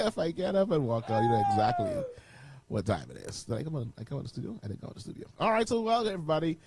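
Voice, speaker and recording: A man from the Bahamas co-hosting a casual morning radio show in a studio, joking, laughing often and trailing off quietly. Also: on the high side, wildly swooping pitch, very fast, gravelly, very noisy.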